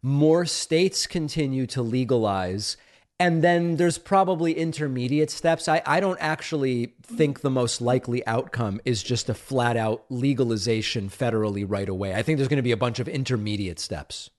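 A man hosting a political talk show, reading an ad and taking listener calls in a brisk, friendly way. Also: medium pitch. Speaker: host.

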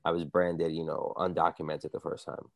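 Deep-voiced man, earnest and dry. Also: level tone, moderate pace, dry recording. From Dominican Republic. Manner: earnest, personal storytelling. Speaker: comedian guest. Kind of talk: casual conversation.

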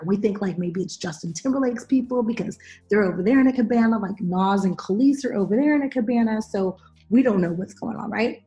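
A middle-aged woman hosting a podcast, chatting casually and telling animated stories with acted-out quotes. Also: medium pitch, vocal fry. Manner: animated storyteller, acts out quotes. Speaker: podcast host. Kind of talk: casual chat.

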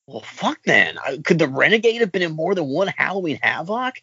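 A man on a casual podcast answering trivia, joking, swearing and thinking out loud. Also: a little high, very animated, fairly quick, breathy edge, no echo. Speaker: podcast co-host and quiz contestant. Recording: dry, dull lo-fi sound.

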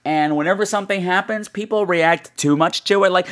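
A podcast host with a brisk, mid-range voice delivers a casual, ranting film review. It's blunt and profane, with scenes acted out in exaggerated voices.

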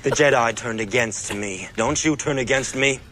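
A man's voice: moderate pace, natural voice. A man growling as a sulky fallen Jedi, Anakin Skywalker. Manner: low, flat, petulant delivery. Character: sulky, menacing young male Jedi turned villain. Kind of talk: improvised comedy sketch. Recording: noisy recording.

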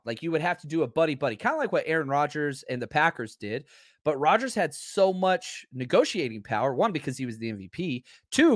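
A man hosts a live sports talk show and talks straight to his viewers in a brash, animated way. His voice sits a little high. The sound is dry and close, with no room echo. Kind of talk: casual live-stream sports commentary.

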